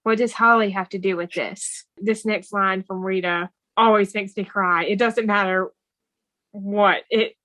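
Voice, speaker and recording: A woman co-hosting a podcast chats casually about a movie and reads quoted lines aloud in a warm, earnest tone. Her medium pitch is fairly even and her pace measured, with no room sound but poor audio.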